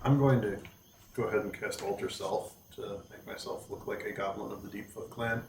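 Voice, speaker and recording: A man's voice: lowish voice, steady tone, brisk. Man far from the mic asking rule questions, audible background noise. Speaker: player. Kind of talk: casual tabletop play. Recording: distant mic, echoey noisy room.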